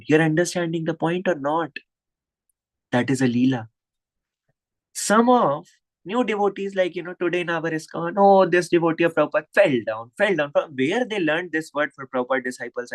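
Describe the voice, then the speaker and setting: A man's voice: on the high side, low-quality recording. A man with an Indian English accent giving a devotional lecture over an online video call, impassioned and scolding with rhetorical questions. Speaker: spiritual teacher.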